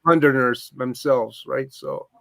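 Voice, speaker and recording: A man from Canada chatting casually on a video call, talking haltingly with restarts and soft laughs. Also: mid-range voice, steady tone, creaky, no room sound. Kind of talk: casual chat.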